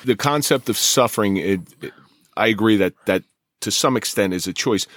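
A man hosting a podcast who asks questions and reflects in a measured, philosophical way. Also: lowish voice, fairly bright tone, no room sound, studio quality. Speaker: podcast host.

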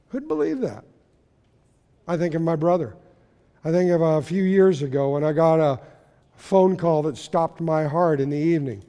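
A man's voice: sits high, a little mellow. A man preaching a sermon as pastor, telling a story and asking his listeners questions. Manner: storytelling, asks the room questions. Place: church sanctuary. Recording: long reverb of a church hall.

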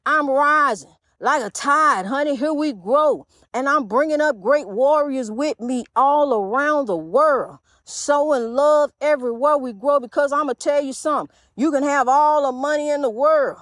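Preaching loosely and chattily on her own faith-talk podcast, a woman with a high, fairly bright voice calls her listeners honey. She talks at a moderate pace with few pauses, and the close, dry recording has almost no room sound and no echo.

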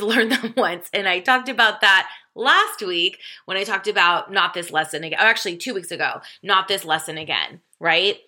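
An adult, divorced woman hosts a self-help podcast as a life coach, speaking casually with frequent laughter and free swearing. Her voice is pushed and bright, jumping way up in pitch whenever she quotes herself.

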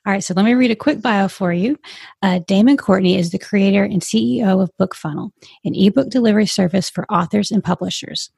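A woman's voice: medium pitch, brisk, creaky, a little mellow, husky, no echo. A woman co-hosting a casual interview show, friendly, reading out a guest's intro. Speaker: podcast co-host.

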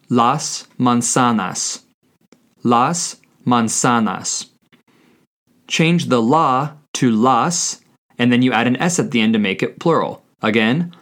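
Slow, deliberate male language teacher. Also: medium pitch, fairly bright tone. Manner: slow, deliberate, spells words out letter by letter. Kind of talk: scripted language lesson.

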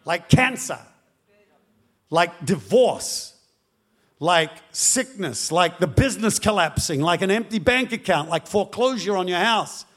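A male pastor preaching a dramatic storytelling sermon that swings up to shouting. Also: high-pitched, expressive, measured pace.

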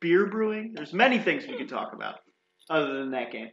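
A man's voice: a little high, big pitch swings, a little fast, fairly bright tone, slight background noise. A man co-hosting a casual sports podcast, talking things through with some hesitation. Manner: hesitant, with fillers and restarts when analyzing. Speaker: podcast co-host. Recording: echoey room, dull lo-fi sound.

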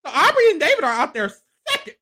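Recapping a reality show in a relaxed chat, this podcast co-host is playful and foul-mouthed, laughing a lot and acting out contestants' lines in loose, profane slang. The voice is very high-pitched with huge pitch swings, fast, bright and forceful.

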